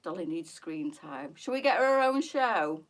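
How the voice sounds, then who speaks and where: A woman's voice: lowish voice, expressive, moderate pace, recorded from a distance. Chatty British woman on a live stream. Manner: chatty, rambling off on tangents. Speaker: boutique live-stream host. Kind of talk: casual live-stream chat.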